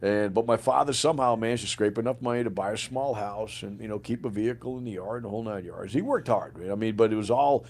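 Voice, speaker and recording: Animated, profane older male storyteller. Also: lowish voice, fast, hardly any pauses. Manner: animated, profane, says man and bro a lot. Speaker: guest, army veteran. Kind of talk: storytelling in a podcast interview.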